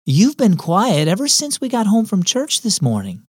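Kind, soft-spoken mother in a kids' radio story, voiced by a man, lilting voice, dry close sound. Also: high voice, huge pitch swings, moderate pace, breathy edge, no echo, voice pushed up, exaggerated voice. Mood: gentle. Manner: soft, reassuring. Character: gentle, kindly mother comforting her daughter.

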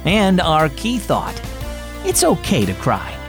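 A man's voice: on the high side, huge pitch swings, takes it slowly, music in the background. A man narrating a scripted children's devotional story and speaking directly to young listeners. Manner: warm teaching tone for children.

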